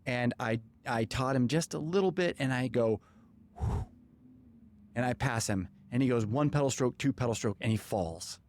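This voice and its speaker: Animated male podcast host telling a story. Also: medium pitch, normal speed, few pauses. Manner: animated, acts out quoted dialogue. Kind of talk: personal storytelling. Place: podcast studio.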